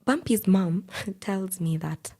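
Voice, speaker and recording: A young Kenyan woman telling a personal story in an intense, breathy, half-whispered way. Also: mid-range voice, slow pace, a little mellow.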